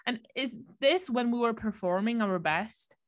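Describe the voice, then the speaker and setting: A woman's voice: a little high, measured pace. A woman talking in a chatty, reflective way as a guest in a casual conversation, with lots of "like" fillers.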